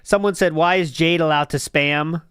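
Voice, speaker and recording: A man's voice: fairly high pitch, normal speed, fairly bright tone, clear, resonant tone, no room sound. Sarcastic man reading chat, dry close sound. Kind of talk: casual chat.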